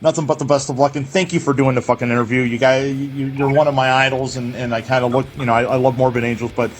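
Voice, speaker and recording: A man's voice: medium pitch, steady tone, fast talker, a little hiss or hum. A man hosting a radio interview, chatting casually and telling loose, profane stories full of restarts. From United States. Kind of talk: casual chat.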